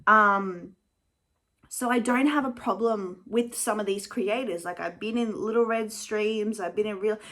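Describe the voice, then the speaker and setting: A woman's voice: medium pitch, unhurried, fairly bright tone. Chatty, nervous woman vlogger. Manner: chatty, self-deprecating, rambling. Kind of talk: casual rambling vlog.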